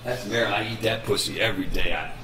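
An older man telling rambling, profane, boastful stories as an interviewee, sometimes breaking into shouting. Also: lowish voice, quick pace, a little hiss or hum. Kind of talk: rambling storytelling. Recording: echoey with loud music.

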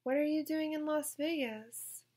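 A woman's voice: high-pitched, a little slow, a little mellow, voice pushed up. A woman voicing a whiny young woman training to become a nun.

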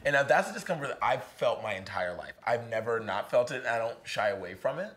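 A young man from Virginia, a playwright talking as a guest in a casual onstage conversation in a barn. He is animated, says "like" a lot, and acts out the voices of people he quotes. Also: medium pitch, quick pace. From Virginia, USA. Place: historic barn, live event.

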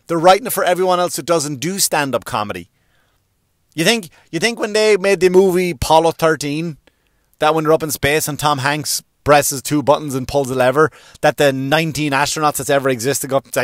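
A middle-aged man doing a stand-up monologue, swearing freely and jumping into high voices to act out characters. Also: brisk, dry recording, clean studio sound. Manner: animated, swearing, acts out characters with sudden pitch jumps. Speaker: stand-up comedian.

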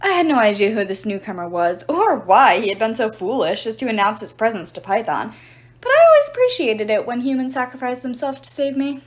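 Woman, higher voice, lively swooping pitch, dramatic read-aloud of a novel. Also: fairly quick. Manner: expressive, dramatic storytelling. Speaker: reader.

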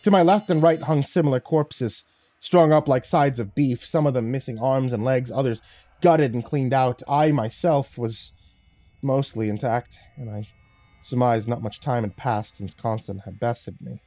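A man's voice: medium pitch, unhurried, warm tone, no echo. A man narrating a first-person horror story in a dramatic, scripted telling.

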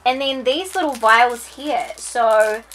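A woman's voice: a little high, takes it slowly, a bit bright, a little hiss or hum, rough recording. A young woman unboxing beauty products in her bedroom, gushing and gasping with repeated exclamations in a casual vlog. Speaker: beauty vlogger.

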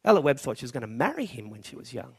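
With a husky, medium-pitched voice full of big pitch swings, a middle-aged Australian man preaches very fast. His sermon moves through storytelling and climbs toward emphatic declarations.

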